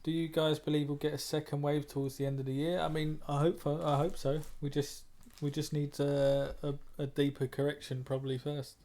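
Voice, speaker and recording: A man's voice: a little high, level tone, brisk, few pauses, dark tone. A man, a trader and moderator, talking bluntly in a casual group discussion, often repeating words as he thinks.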